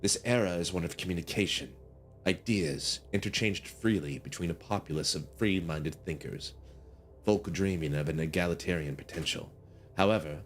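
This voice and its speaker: A man voicing a solemn, lofty inner voice in a video game, speaking slowly and gravely. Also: deep voice, pitched below the performer's own voice, close to an everyday voice.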